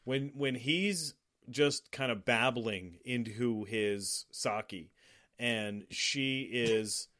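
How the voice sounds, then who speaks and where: A man's voice: medium pitch, extremely slow, sharp tone. A man in casual film talk, describing shots and lighting in detail with some swearing. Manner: descriptive, profane, lingers on visual details.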